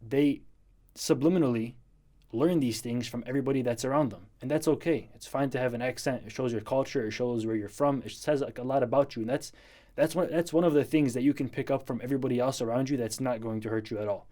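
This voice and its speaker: A man speaks straight to a viewer, giving blunt advice in a relaxed, mellow voice. His pitch sits right in the middle, and he talks earnestly, repeating key points for emphasis without softening them. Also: quick pace. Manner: blunt, tells it like it is.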